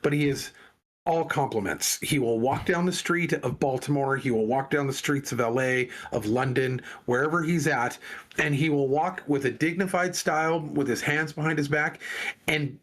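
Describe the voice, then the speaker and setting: Male podcast co-host, slightly high, rambling storyteller. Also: normal speed, a bit bright. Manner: rambling storyteller with frequent restarts. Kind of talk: casual chat.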